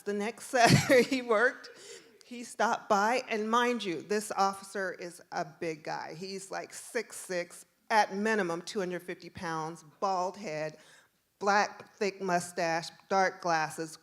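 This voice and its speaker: Animated woman telling a story on stage. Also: fairly low pitch, vocal fry. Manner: animated, laughing, acts out the voices. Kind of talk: live storytelling performance. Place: stage at a live venue.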